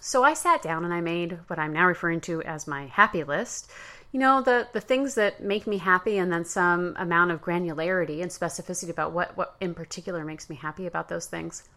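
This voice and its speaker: A woman hosting a podcast, telling a personal story in a casual, chatty way with fillers and quick self-corrections. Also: fairly low pitch, pushed and bright. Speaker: podcast host. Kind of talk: casual solo podcast monologue.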